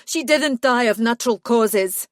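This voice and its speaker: A woman's voice: fairly high pitch, unhurried, no echo, studio quality, pitched above the performer's own voice, natural voice. Woman doing a stiff, desperate grizzled werewolf man. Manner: stiff, pleading.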